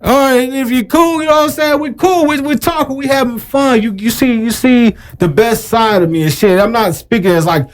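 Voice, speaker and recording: A young American man, a podcast guest in casual chat, talking in an animated, slangy way and often repeating himself. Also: extremely high pitch, fairly quick, few pauses. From United States.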